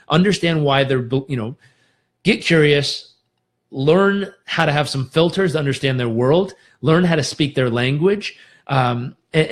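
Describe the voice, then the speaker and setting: A man hosting a motivational live stream, coaching listeners with energy and demonstrating breathing exercises aloud. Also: on the high side. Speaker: host.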